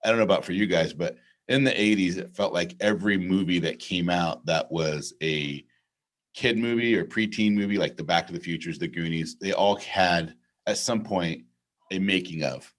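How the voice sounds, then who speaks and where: A man's voice: low-pitched, normal speed. A man hosting a podcast in casual chat, laid-back and laughing at his own jokes. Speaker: podcast host.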